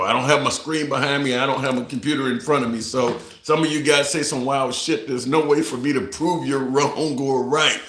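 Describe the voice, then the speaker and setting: A man's voice: on the high side, a bit bright, roomy sound. A man hosting a casual live stream from a rented home, rambling, restarting sentences and putting questions to his audience.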